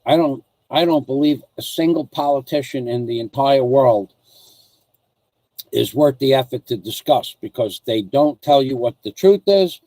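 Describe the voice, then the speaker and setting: A man on a casual livestream, wandering through a long story in a mid-pitched voice that sits close and dry on the mic. He trips over his own sentences, doubles back on details and slips in asides to his viewers as he goes. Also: dark tone, no echo, poor audio. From United States. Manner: rambling storyteller, restarts and asides. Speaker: vlogger.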